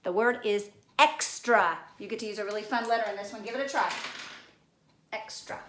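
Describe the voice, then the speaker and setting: A woman's voice: medium pitch, a little fast, background noise. A woman teaching a children's spelling lesson, playful and patient, using props and guessing games to introduce each word. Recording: echoey room.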